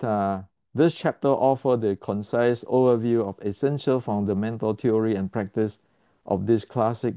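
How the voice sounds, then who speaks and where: Blunt, low-voiced man teaching. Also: dark tone, no room sound. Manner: blunt, repetitive, emphatic; clears throat often. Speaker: martial arts teacher. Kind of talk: explanatory lesson to camera.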